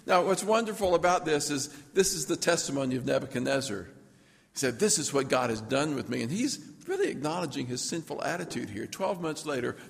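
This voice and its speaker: A man's voice: medium pitch, gravelly, long reverb tail. A man preaching a sermon, reading scripture aloud and then explaining it in his own words. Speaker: pastor.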